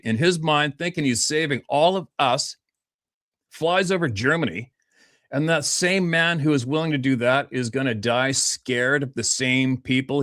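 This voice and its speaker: Interview guest, male, 50s, from Vancouver Island; blunt and profane, animated storyteller, dry sound. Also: mid-range voice, no echo. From Vancouver Island, Canada.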